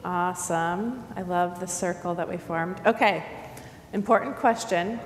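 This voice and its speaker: A woman pastor giving a children's sermon in a church, telling the story with lively voices. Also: a little slow. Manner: animated storytelling, acts out the crowd's shouting. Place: church sanctuary. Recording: church hall reverb, faint rumble.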